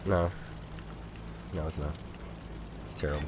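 A man's voice: rumbling low, steady tone, measured pace, noisy background. An American man streaming a tank game, teasing his friends in casual banter. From United States. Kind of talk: casual gaming chat.

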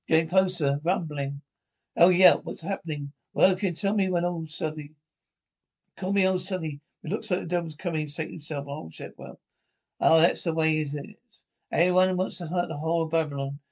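A man reading a fan audio drama alone, voicing all the characters and narration, with a halting delivery and frequent restarts. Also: on the high side. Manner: switches between character voices and narration. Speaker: reader voicing every character.

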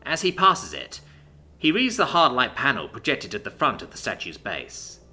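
A male narrator reading a story aloud with a bright, sharp tone. His pitch moves a great deal, keeping the scripted reading animated. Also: moderate pace, faint music behind.

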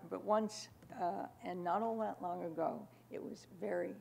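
A woman's voice: on the low side, unhurried, creaky, warm tone, a little hiss or hum. An older woman giving a prepared panel talk in a wry manner, with frequent fillers and asides. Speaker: panel speaker.

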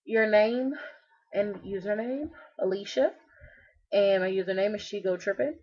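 A young Southern American woman talks casually into her webcam, tossing off sassy, joking asides. Her voice sits at a middling pitch, and the sound is a bit muffled and lo-fi, like a built-in computer mic. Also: a little slow, a little mellow, breathy edge. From Roanoke, Virginia. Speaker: vlogger. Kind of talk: casual self-recorded vlog. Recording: slightly muffled lo-fi webcam audio.

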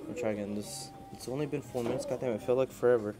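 A man vlogging in an indoor animal cafe, talking into a handheld phone and coaxing the animals in an excited, playful voice. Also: fairly low pitch, brisk, faint music behind. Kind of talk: casual vlog talk. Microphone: handheld phone camera.

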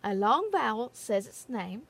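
A woman giving a phonics lesson in a patient, deliberate way, stressing the key words. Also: on the high side, sing-song, vocal fry, a bit bright, slightly rough. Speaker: phonics teacher. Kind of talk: slow, careful classroom instruction.

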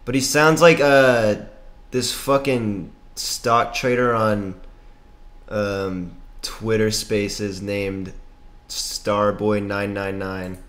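A man's voice: lowish voice, fairly even intonation, very slow, fairly bright tone. A man streaming casual reaction commentary, blunt and joking with slang.

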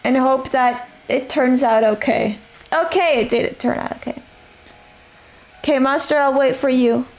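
A young woman live-streaming a game, chatting to herself and a friend in a rambling, casual way with the odd swear. Her voice sits on the higher side yet is rough with vocal fry, and it is wearing hoarse. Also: steady tone, moderate pace. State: voice going hoarse. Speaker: streamer playing a survival game.

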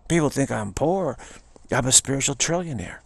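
A man's voice: mid-range voice, expressive, moderate pace, vocal fry, no echo. A man giving an informal spiritual talk in a rambling, repetitive way, often slipping into quoted voices. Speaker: spiritual teacher.

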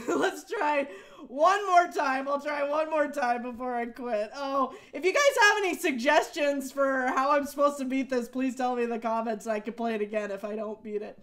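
A woman's voice: sits high, normal speed, a bit bright. A young woman playing a horror game for her channel, jumpy and giggly, squealing at the scares and chatting to her viewers in between. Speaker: gaming YouTuber. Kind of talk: horror game let's play commentary. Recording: game music playing behind.

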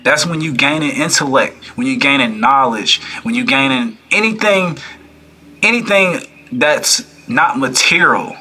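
A man hosting a reaction video, talking casually and preachily to his viewers, animated, repeating phrases and firing rhetorical questions. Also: medium pitch, measured pace, a little hiss or hum.

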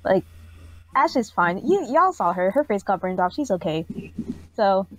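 A woman's voice: medium pitch, big pitch swings, normal speed, dry recording, low-quality recording. Woman host, mid-range voice, teasing and jokey, dry close recording. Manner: playful, teasing, laughs often. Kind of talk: casual chat.

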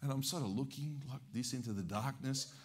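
Animated Australian evangelist storyteller. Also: male voice, mid-range voice, fairly quick, husky. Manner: animated, acts out dialogue. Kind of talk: storytelling sermon.

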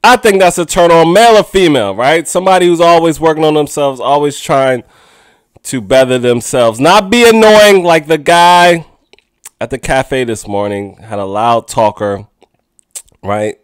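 A man's voice: on the high side, normal speed, smooth, no room sound, clean studio sound. A young man hosting a podcast, talking alone in a goofy, rambling way and laughing often. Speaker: podcast host. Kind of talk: casual solo monologue. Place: outdoors in the city with sirens.

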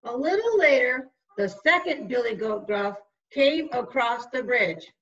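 Woman slowly reading a storybook aloud. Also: fairly high pitch, far from the mic, highs cut off. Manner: slow, expressive storytelling. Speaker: narrator.

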